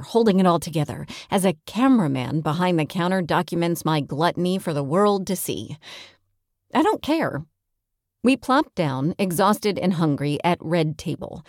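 A woman reading a first-person novel aloud in a wry, expressive way, close to the mic. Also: fairly low pitch, dry recording. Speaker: audiobook narrator. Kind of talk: first-person audiobook narration.

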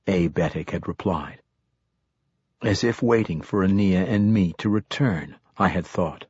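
A male audiobook narrator telling a story in the first person, measured and reflective. His voice is deep and slightly husky. He is recorded close and dry, with no room sound. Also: a little mellow, dry recording.

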